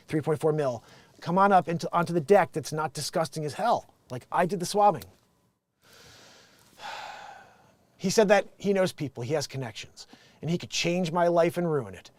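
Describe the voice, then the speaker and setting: High-voiced man riffing on the news. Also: animated, normal speed, no room sound. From United States. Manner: joking, acts out quotes. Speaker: vlog host reading news. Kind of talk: casual news commentary.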